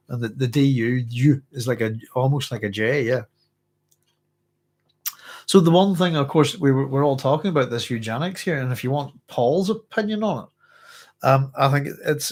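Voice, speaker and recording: A middle-aged man with a Northern Irish accent talks through a book in a loose, casual way. He wanders, restarts his sentences and chuckles to himself as he goes, speaking at an ordinary pitch. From Northern Ireland. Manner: rambling, self-interrupting, chuckles often. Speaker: book club host.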